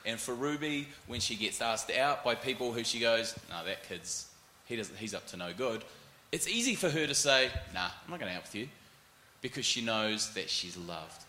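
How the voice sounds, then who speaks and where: A man in his forties with a New Zealand accent, telling animated stories as a panelist and acting out other people's voices. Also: mid-range voice, moderate pace, roomy sound, a little hiss or hum. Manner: animated, acts out voices in anecdotes. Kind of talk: storytelling panel talk.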